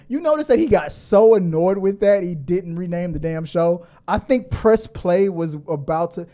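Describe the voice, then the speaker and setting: A middle-aged man hosts a loose, unscripted livestream, talking in a fairly high voice. He rambles, restarts his sentences and laughs often as he reacts to viewer comments. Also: dark tone. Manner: rambling, chatty, laughs a lot, with frequent restarts. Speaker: host of a movie news livestream. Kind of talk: casual livestream chat reading viewer comments.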